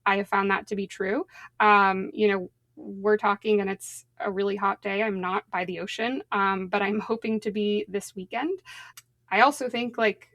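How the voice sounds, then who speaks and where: A woman's voice: mid-range voice, steady tone, moderate pace, a bit bright, no room sound, dull audio. Thoughtful woman journalist, dry close sound. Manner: thoughtful, with frequent "um" and "like". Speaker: guest journalist. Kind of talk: conversational interview.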